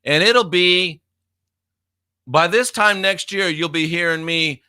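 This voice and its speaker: A man's voice: high-pitched, takes it slowly, pushed and bright, clear, resonant tone, dry recording, studio quality. A man in his fifties hosting a live stream, reading viewer comments aloud in a blunt, profane, casual way and laughing often. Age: 50s.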